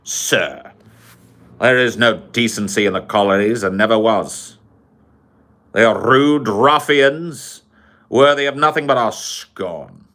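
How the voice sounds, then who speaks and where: A man putting on a mock posh English accent, playing a pompous upper-class British gentleman host with a haughty, blustering manner. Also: on the low side, slow pace. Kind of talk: comedic impression.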